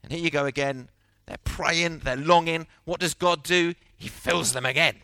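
A middle-aged man preaching a sermon, telling the story with lively acted-out voices. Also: a little high, moderate pace, smooth, dry recording. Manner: animated storytelling, acting out quotes.

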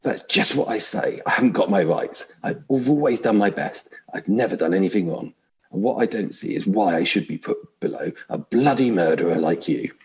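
A man's voice: lowish voice, lively intonation, normal speed, natural voice. A man reading aloud and voicing a big, aggrieved male ghost who insists on his rights. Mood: resentful. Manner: indignant, complaining.

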